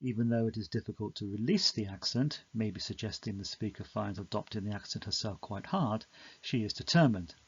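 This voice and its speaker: A man reading a scripted, measured explanation of a poem in an educational narration. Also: fairly low pitch, breathy edge, no room sound, muffled recording.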